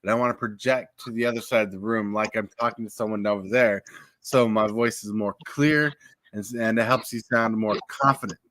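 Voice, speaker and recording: A man's voice: fairly low pitch, steady tone, fairly quick, a bit bright, no room sound. A man hosting a casual live podcast from his home at night, giving tips on speaking on camera. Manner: coaching, gives tips on projecting voice. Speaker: podcast host. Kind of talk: casual live-stream chat.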